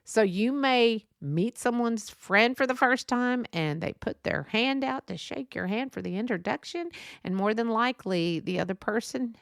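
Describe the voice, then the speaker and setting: Chatty woman with a gravelly voice. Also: fairly high pitch, animated, normal speed, dry recording, clean studio sound. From Texas. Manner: chatty, rambling, frequent fillers and laughs. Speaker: podcast host. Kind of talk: casual solo podcast monologue.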